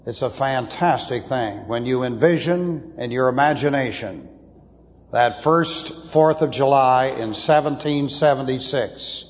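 A man preaching to a Bible class, blunt and opinionated, slowing down to press his points. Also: medium pitch. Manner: blunt, opinionated, slows for emphasis. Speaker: pastor teaching a Bible class. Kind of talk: sermon lecture. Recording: dull lo-fi tape in a reverberant hall.

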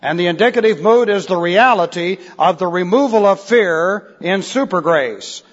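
A man teaching a sermon from the pulpit, explaining Greek verb forms deliberately and spelling words out letter by letter. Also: sits high. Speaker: pastor. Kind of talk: expository Bible teaching sermon. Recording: dull lo-fi recording in a reverberant church hall.

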